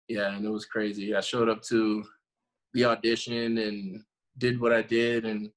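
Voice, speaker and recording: A man in his thirties, a guest actor telling a lively story in a casual interview, acting out what people said and laughing often. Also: mid-range voice, poor audio. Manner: animated storyteller, acts out quotes, laughs often.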